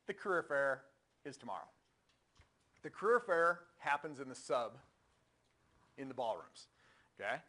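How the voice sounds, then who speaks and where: A man lecturing a university engineering class in a lecture hall, talking in a conversational, energetic way and putting questions to the students. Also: medium pitch, normal speed, long pauses.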